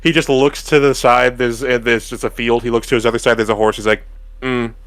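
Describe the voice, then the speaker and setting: A man's voice: medium pitch, flat delivery, fast, a bit bright, dry recording. Co-host, male, easygoing, swears freely, dry sound. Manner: laid-back, profane, mock-voices in asides. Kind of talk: casual podcast chat.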